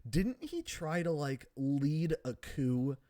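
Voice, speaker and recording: A man's voice: a little high, sing-song, takes it slowly, warm tone, no room sound, clean studio sound. Sardonic man reviewing a TV episode. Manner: casual, sardonic, many fillers. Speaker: video commentator. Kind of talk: casual commentary vlog.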